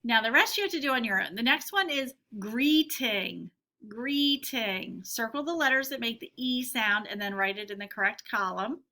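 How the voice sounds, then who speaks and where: A woman teacher giving a phonics lesson to young children, saying each word slowly and clearly twice. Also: on the high side, lively intonation, bright, forceful tone. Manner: slow, clear word-by-word dictation.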